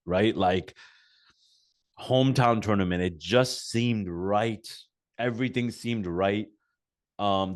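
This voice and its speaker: A man hosting a casual sit-down interview, telling animated stories full of fillers and restarts. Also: fairly low pitch. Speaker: podcast host.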